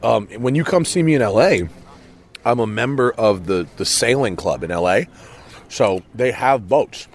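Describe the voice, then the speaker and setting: A laid-back man with a mid-pitched voice talks casually with a friend. He is recorded outdoors and then in a car, with traffic passing behind him. Now and then he swears in an offhand way. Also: lively intonation, moderate pace. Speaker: podcast co-host. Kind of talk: casual chat.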